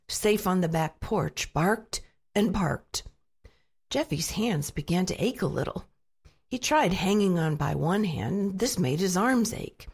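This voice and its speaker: A woman reading a children's chapter book aloud with an expressive storytelling manner. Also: husky. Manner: expressive read-aloud with lively pitch. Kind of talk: storybook narration.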